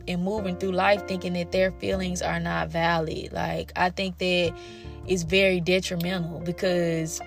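A young woman with a gravelly, fry-laden voice talks openly to her viewers about growing up and raising her child. She swears freely and slips into her relatives' voices when she quotes them. Soft music plays faintly underneath. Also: lowish voice, little pitch movement, unhurried. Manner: frank and profane, acts out quoted family members. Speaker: parent sharing personal stories. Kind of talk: candid personal storytelling to viewers.

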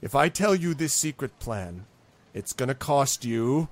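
A man voicing a sly, haggling male goblin chief who hesitates with many ums and then breaks into loud, high outbursts. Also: lively intonation, measured pace, no room sound, lightly acted.

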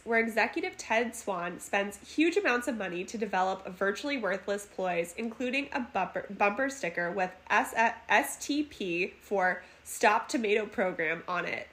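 A woman with a mid-range, slightly bright voice co-hosts a casual podcast about movies. Giggly throughout, she reads out a plot summary between frequent bursts of laughter.

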